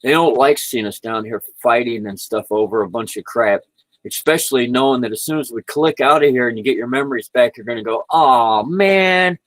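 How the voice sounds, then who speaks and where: A vlogger with a medium-pitched voice talks fairly quickly and casually about spirituality into his computer mic at home, rambling, relaxed, and laughing often. It's a livestream chat, and the recording is dry and rough.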